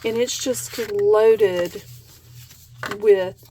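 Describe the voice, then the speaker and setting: A woman hosting a craft channel, chatting casually and gushing with excitement as she unboxes a package. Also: on the high side, takes it slowly, husky, poor audio. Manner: gushing, excited, gasps and laughs often.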